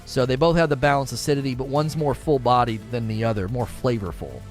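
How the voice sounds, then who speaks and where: A man hosting a livestream, chatting casually with viewers and reading out their comments, animated and given to trailing off quietly at the ends of his thoughts. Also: a little fast, soft background music. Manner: animated, with sudden high-pitched bursts when quoting. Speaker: livestream host.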